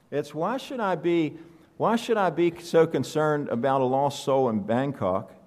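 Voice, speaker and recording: A man's voice: mid-range voice, a little mellow. A man preaching a sermon, asking the congregation questions and joking with them. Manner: conversational, asks the congregation questions, joking asides.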